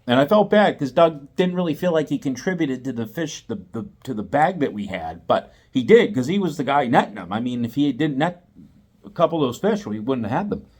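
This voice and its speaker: Middle-aged male host, storyteller type, mid-range voice, lively and repetitive delivery. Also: mid-range voice, brisk, slightly rough. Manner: animated, acts out quotes, repeats himself. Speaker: fishing channel host. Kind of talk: storytelling monologue.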